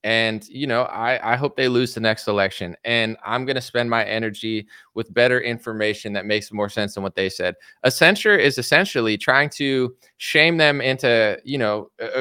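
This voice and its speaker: A man hosting a casual political talk show, animated and sarcastic, often mimicking politicians in mocking voices. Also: mid-range voice, clean tone, dry recording, studio quality. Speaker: podcast host.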